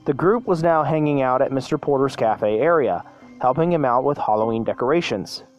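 A man reads a fan story aloud in a casual, unpolished way, tripping over words and correcting himself. His voice sits at a middling pitch, with faint music underneath. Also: animated, a little fast. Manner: stumbling, self-correcting, hesitant. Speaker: podcast host.

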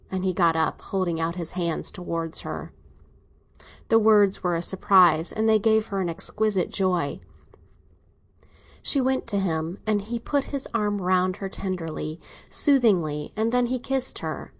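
A woman narrating a classic novel in a steady, even storytelling manner. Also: fairly low pitch, measured pace. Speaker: audiobook narrator. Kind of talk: scripted narration.

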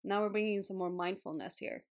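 A woman's voice: mid-range voice, fast. Bubbly, laughing woman podcast host. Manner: bubbly and expressive, laughs often, swears casually. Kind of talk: casual wellness podcast talk.

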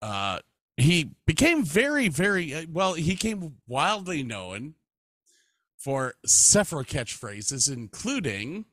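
Man, podcast co-host; slow, lively delivery with a bright tone, dry close mic. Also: fairly high pitch, no echo. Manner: reads facts aloud with lively, animated delivery. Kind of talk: casual chat.

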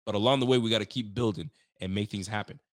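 A man's voice: on the low side, fast talker, dry recording, clean studio sound. Hyped Canadian man on a sports stream. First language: French and Creole. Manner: hyped, repetitive, joking and trash-talking. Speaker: post-game show host. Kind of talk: casual sports talk stream.

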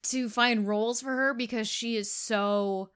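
Woman, podcast co-host, slightly high smooth voice, easygoing conversational delivery. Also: a little slow. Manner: relaxed, laughs often, explains plot with fillers. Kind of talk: casual chat.

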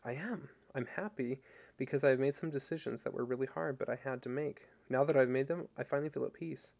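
A man reading as a wife ending her marriage, soft and measured. The voice is low-toned, gravelly and warm. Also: lightly acted. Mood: regretful.

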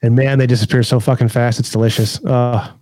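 Casual profane male podcast guest, animated and playful, dry sound. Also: medium pitch, brisk, dry recording. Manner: profane, laughing, animated storyteller.

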